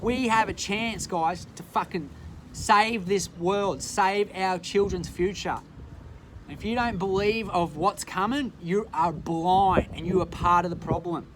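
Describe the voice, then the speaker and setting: An Australian social media vlogger rants passionately straight into his phone in a raised, high voice, swearing hard and repeating himself for emphasis at a measured pace. He's outdoors, with a boat motor droning and water clearly audible beneath him, and the audio is poor with a little hiss or hum.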